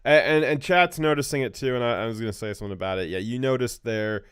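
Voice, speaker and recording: Guy hosting a politics stream, smooth voice, dry sound, keeps restarting words. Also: medium pitch, fast talker, no room sound. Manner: animated, restarts words often. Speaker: show host. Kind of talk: casual political commentary.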